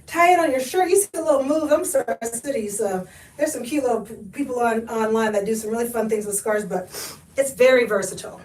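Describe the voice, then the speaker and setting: A woman hosting a live thrift haul, chatty and expressive, talking to viewers and sniffly from allergies. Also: a little high, brisk, distant mic. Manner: chatty and expressive, talks to viewers, laughs often. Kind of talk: live-stream haul chat. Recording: echoey room, mic set back.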